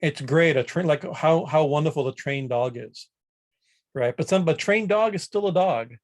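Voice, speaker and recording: A man's voice: on the high side, moderate pace. A man, a swami, giving an informal scripture lecture over a video call, often checking in with "right?" and restarting his sentences. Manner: conversational, tags points with "right?", frequent restarts. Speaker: swami teaching a scripture class.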